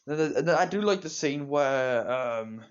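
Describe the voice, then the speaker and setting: A man's voice: mid-range voice, lively intonation, measured pace, clear, resonant tone. A teenage boy, reviewing a movie in rambling, repetitive fan talk. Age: teens. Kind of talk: casual solo movie review. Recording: dull lo-fi home recording.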